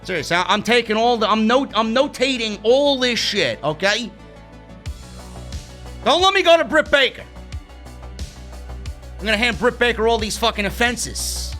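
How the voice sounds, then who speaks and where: A man's voice: extremely high pitch, expressive, moderate pace, long pauses, bright, forceful tone. A man hosting a livestream wrestling review, ranting brashly and swearing constantly. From New York. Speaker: wrestling show reviewer, podcast host. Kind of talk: livestream rant, casual chat. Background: faint music.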